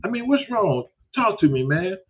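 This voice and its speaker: A man putting on a higher, incredulous voice as a friend profanely scolding a caller. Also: sing-song, moderate pace. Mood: exasperated. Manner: raised, incredulous, profane questioning. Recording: tinny phone-like sound.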